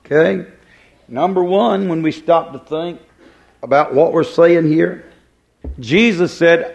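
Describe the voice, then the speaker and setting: A man preaching a sermon as a pastor. His voice sits a touch higher than most men's. He challenges listeners with rhetorical questions and reads scripture in old-fashioned phrasing, stretching out key words. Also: creaky, darkish tone, dull audio. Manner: King James scripture reading, drawn-out emphasis.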